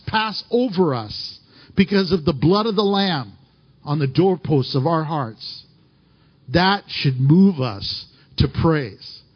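A pastor with a high, husky voice delivers a sermon, reading scripture aloud between stretches of heartfelt commentary. His emotional preaching surges with fervor, then falls to near whispers, on a dull, lo-fi recording.

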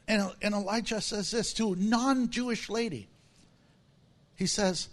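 A man with a notably high voice preaching in a lively, humorous way. He acts out the people in his stories, swinging his voice up and down, and laughs often. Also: measured pace, long pauses. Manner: animated, acts out voices with big pitch swings. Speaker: pastor. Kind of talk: sermon.

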